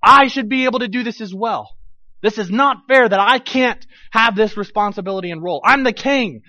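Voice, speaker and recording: A man's voice: high voice, animated, normal speed, a bit bright, no echo. A man voicing a proud, angry warrior king who protests indignantly and raises his voice as he storms about. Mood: furious. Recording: dull lo-fi dry recording.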